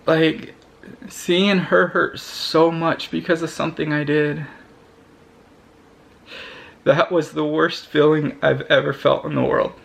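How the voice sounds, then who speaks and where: Young man, slightly high voice, gravelly fry, earnest, halting, restarts sentences, personal vlog story. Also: little pitch movement, a bit bright. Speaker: vlogger.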